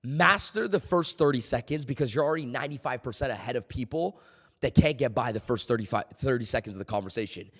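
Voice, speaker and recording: Emphatic man coaching sales, lively pitch. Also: quick pace, long reverb tail. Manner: emphatic, repeats key points, swears casually. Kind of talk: motivational sales talk.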